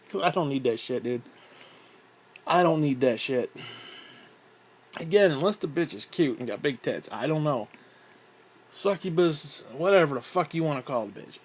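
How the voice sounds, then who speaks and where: A young man rambling through a casual, profane vlog monologue, often breaking into laughs and sighs. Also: on the high side. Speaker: vlogger.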